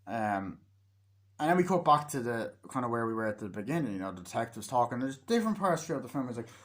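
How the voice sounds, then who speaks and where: A man's voice: mid-range voice, very animated, fast talker. A man giving a casual, rambling film review, swearing freely and acting out scenes as he retells them. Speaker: movie reviewer.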